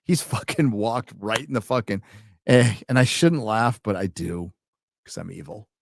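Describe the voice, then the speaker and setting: A man's voice: mid-range voice, lively intonation, measured pace, vocal fry, noisy background. Profane, rambling male livestream host. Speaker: livestream host reading viewer donations. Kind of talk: casual late-night livestream chat.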